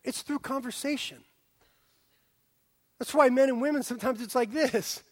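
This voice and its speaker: A man preaching a sermon as a pastor, animated and swinging from loud exclaiming to a hushed near-whisper. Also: very high-pitched, normal speed. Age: young adult.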